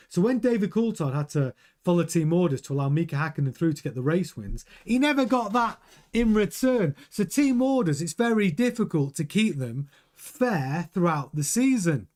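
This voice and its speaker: A man's voice: a little high, sing-song, moderate pace, darkish tone. A man hosting a daily motorsport news show, chatting frankly and giving his opinions while greeting viewers in the live chat. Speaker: news channel host.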